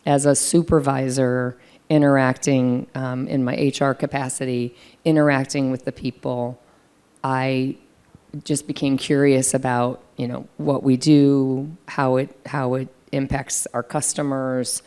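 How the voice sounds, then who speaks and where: A woman's voice: extremely low pitch, level tone, measured pace, mellow, smooth. A middle-aged American woman, a senior business leader, talking reflectively in a fireside chat with frequent fillers. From United States.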